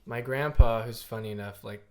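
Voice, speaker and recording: A young man co-hosting a casual podcast chat, excitable and quick to correct himself with nervous laughs. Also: medium pitch. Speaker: podcast co-host.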